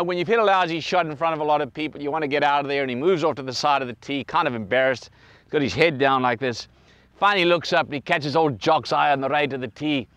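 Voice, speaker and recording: Lively man telling a golf anecdote. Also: a little high, no echo. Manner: lively, conversational. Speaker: storyteller. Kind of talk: anecdotal storytelling.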